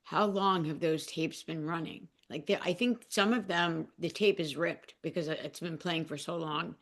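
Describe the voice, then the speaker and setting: A woman with a fairly low voice and a lot of gravelly fry shares personal stories. She is heartfelt and emotional and often stops and restarts her sentences, with many fillers. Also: normal speed. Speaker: podcast guest. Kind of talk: personal sharing in conversation.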